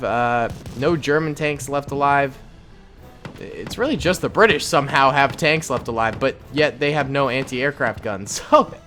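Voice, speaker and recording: A young man casually commentating a war simulation game, jokey and excitable with rambling asides. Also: a little high. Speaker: gaming YouTuber. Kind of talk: let's play commentary.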